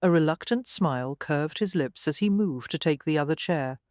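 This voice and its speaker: A woman reading a historical romance audiobook in smooth, even scripted narration. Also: deep voice, normal speed, no echo, clean studio sound.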